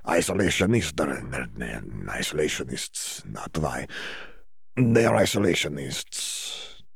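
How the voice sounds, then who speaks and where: A man's voice: rumbling low, creaky, breathy edge, dry recording, clean studio sound, full character voice. A man reading an audiobook voices an earnest young male student wizard who talks in stiff, formal phrasing with hesitations. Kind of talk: audiobook character voice.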